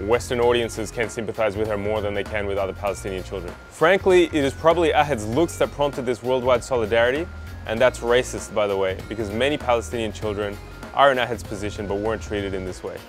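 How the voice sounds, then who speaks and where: A man's voice: lowish voice, quick pace, soft background music. A man co-hosting a casual comedic news chat, playful and teasing. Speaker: co-host.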